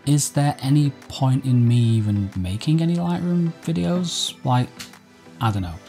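A man's voice: mid-range voice, lively intonation, measured pace, dark tone, soft background music. A man hosting a mobile photography channel, explaining an editing app in a casual tutorial to camera, with chatty, self-deprecating asides.

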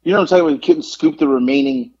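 A man co-hosting a podcast in casual chat, telling a story with lively acted-out quotes and free swearing. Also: medium pitch, racing, muffled recording. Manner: animated storyteller, acts out quotes, swears freely. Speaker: podcast co-host.

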